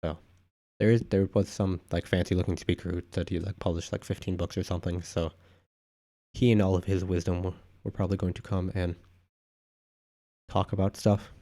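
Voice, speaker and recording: A man's voice: low voice, little pitch movement, brisk, long pauses, mellow. A man hosting a casual live stream, rambling offhand through viewer comments with frequent asides. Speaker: livestream host.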